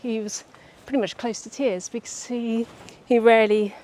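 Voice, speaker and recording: A young woman writer chatting casually about her book outdoors by the seaside, a little out of breath and halting, with many restarts. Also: fairly high pitch, fairly even intonation, a little mellow, slight background noise. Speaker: writer vlogger.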